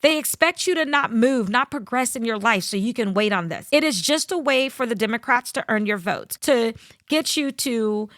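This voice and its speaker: A woman's voice: fairly high pitch, expressive, normal speed, fairly bright tone, dry recording, clean studio sound. A woman talking straight to viewers in a blunt, lecturing opinion commentary.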